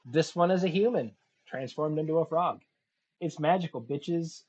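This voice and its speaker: A man's voice: fairly high pitch, normal speed, a little mellow, breathy edge. A man running a tabletop game as game master, crude and joking, with a sore throat from a cold. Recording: muffled lo-fi recording.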